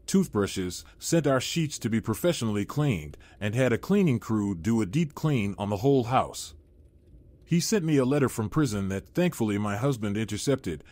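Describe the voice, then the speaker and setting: A man reading a first-person horror story aloud in a steady, low-key manner. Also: no room sound. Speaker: narrator.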